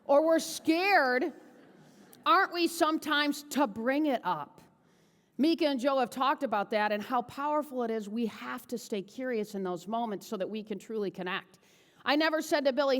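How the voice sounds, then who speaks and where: Animated woman telling a keynote story. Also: fairly high pitch, moderate pace, long reverb tail. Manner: animated, chatty, tag questions to audience. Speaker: motivational keynote speaker. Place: large event hall.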